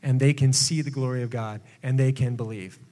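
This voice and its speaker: A man, a pastor, preaching a sermon in a relaxed, conversational way with joking asides. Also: medium pitch, brisk, big-room sound.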